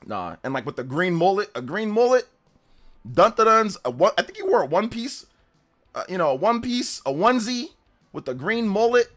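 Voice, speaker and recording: A young man hosting a live reaction stream, chatting in a relaxed, slangy way, humming tunes and laughing often. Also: high voice, normal speed, soft background music.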